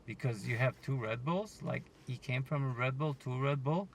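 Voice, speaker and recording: A man hosting a casual solo podcast, ranting, joking and swearing, with loud outbursts. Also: medium pitch, moderate pace, vocal fry, a little hiss or hum. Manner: swearing, joking and heckling the listeners. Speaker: podcast host.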